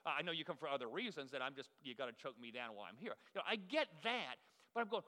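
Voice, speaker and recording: A man's voice: a little high, animated, fast talker, sharp tone, big-room sound. A man preaching a sermon as the pastor, telling folksy, self-deprecating stories to his congregation. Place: church sanctuary.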